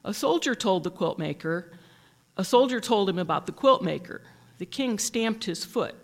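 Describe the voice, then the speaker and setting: A teacher reading a picture book aloud in a gentle, measured storytelling manner. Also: mid-range voice, animated, vocal fry.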